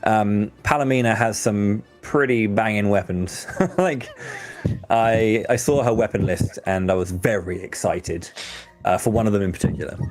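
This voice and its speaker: A man with a lowish voice hosts a game stream, talking loosely and circling back through his sentences with lots of "like" and "you know". Faint game music sits under his chat. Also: normal speed. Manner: rambling, many fillers and restarts, chuckling. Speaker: host. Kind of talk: casual gameplay commentary.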